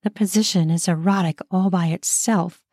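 A woman tells an audio story in the first person, her lowish voice mellow, darker and steady. She narrates briskly and intimately, recorded close on a dry mic with no echo or room sound.

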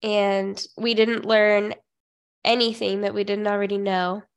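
A woman's voice: mid-range voice, flat delivery, a little slow, clean tone. A young woman co-hosting a podcast, chatting casually and with a snarky edge, often laughing and trailing off mid-sentence. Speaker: podcast co-host.

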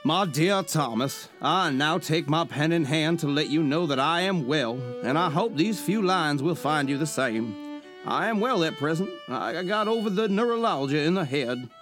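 A man voicing a crude Civil War soldier's letter home, read slowly in a hammy, mock-formal put-on Southern accent. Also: on the high side, lively intonation, fairly bright tone, faint music behind.

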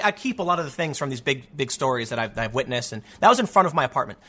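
A man's voice: fairly high pitch, bright, forceful tone. A man hosting a sarcastic opinion monologue, rambling with frequent restarts. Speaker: commentary host.

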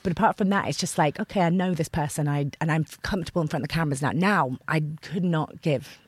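A woman from Lincoln, England, chatting as an acting guest in an interview, animated and full of "like". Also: sits low, quick pace, breathy edge, no echo. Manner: animated, heavy use of filler "like". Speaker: actor as guest. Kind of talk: casual interview chat.

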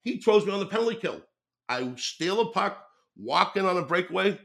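An older man from the area, telling raucous hockey stories at a rapid clip. His voice sits slightly high for a man, and he rambles, swears and laughs his way through each anecdote. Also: expressive, vocal fry, fairly bright tone. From Boston area. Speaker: podcast guest, former pro hockey player. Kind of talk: casual storytelling.

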